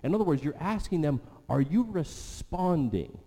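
A man's voice: on the high side, expressive, normal speed, mellow. A man preaching a sermon as pastor, emphatic and repeating phrases for stress. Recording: long hall reverb.

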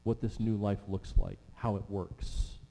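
A man preaching a sermon, emphatic, repeating key phrases and slowing down to stress them. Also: on the low side, little pitch movement, dark tone. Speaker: pastor. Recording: long reverb of a large hall.

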